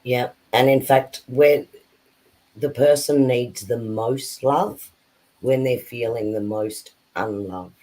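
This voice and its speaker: Man talking in a thoughtful, measured way. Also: mid-range voice, darkish tone, low-quality recording. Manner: thoughtful, measured, with frequent fillers. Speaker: co-host of a spiritual chat. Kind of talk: casual reflective chat.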